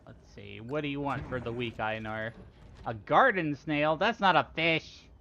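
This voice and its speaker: A man's voice: medium pitch, expressive, unhurried, pushed and bright, highs cut off, a little hiss or hum. A man streaming a cozy game, talking casually in a playful, rambling way with frequent giggles. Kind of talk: casual gameplay commentary.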